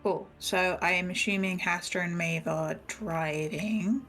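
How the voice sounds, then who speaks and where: A woman's voice: fairly low pitch, unhurried, a bit bright, faint music behind. A woman playing a tabletop game, tossing in playful asides. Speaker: player. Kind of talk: casual tabletop play.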